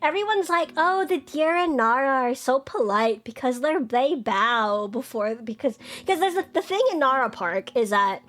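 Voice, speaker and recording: A woman's voice: high-pitched, animated, moderate pace, hardly any pauses, fairly bright tone. Bubbly chatty young woman streamer. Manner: bubbly and chatty, squeals on greetings to chat. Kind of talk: casual chat stream.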